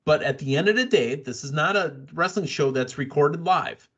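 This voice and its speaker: A man's voice: fairly high pitch, expressive, moderate pace, fairly bright tone, highs cut off. A man hosting a casual wrestling podcast, blunt and opinionated, rambling through his takes. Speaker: podcast host.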